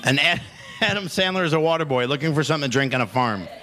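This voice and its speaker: A man's voice: a little high, lively intonation, quick pace, sharp tone. A man doing a stand-up routine on a comedy club stage, often breaking up laughing at his own jokes. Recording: noisy live club recording.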